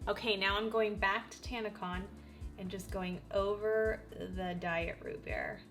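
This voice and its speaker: A woman in her forties gushing through a casual makeup tutorial, talking straight to her viewers with frequent excited exclamations. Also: medium pitch, measured pace, music in the background. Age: 40s. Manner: gushing, animated, exclaims often. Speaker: beauty vlogger.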